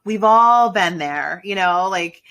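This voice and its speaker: A woman co-hosting a podcast, telling a personal story in a lively, chatty way with quoted asides. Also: on the low side, takes it slowly, smooth. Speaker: podcast co-host. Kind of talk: casual podcast chat.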